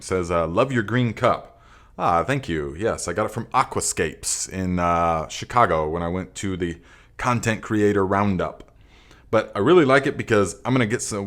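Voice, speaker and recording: A man with a notably low voice, from Northern California, hosts a live podcast Q&A. He talks in a loose, easygoing way, full of "uh"s, pausing to read viewer comments aloud before answering them. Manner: relaxed, reads viewer comments aloud with many fillers. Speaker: podcast host. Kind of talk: live Q&A chat.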